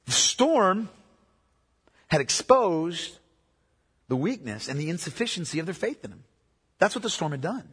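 A man preaching a sermon in a conversational way, moving between hushed, slow passages and emphatic, urgent ones. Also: fairly high pitch, sing-song, slightly rough. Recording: echoey hall with long reverb.

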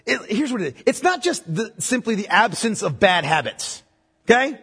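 A pastor preaches an emphatic sermon, frequently pausing to ask the congregation whether they're following. His husky, slightly high, fairly bright voice swings widely in pitch at a moderate pace, and a large church hall gives it long reverb.

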